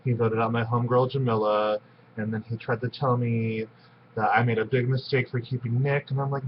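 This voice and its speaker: A man's voice: medium pitch, level tone, a little fast, lo-fi sound, a little hiss or hum. A man recording a blunt, slangy confessional about cutting ties with another player. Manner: blunt, dismissive, casual slang. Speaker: contestant in an online game.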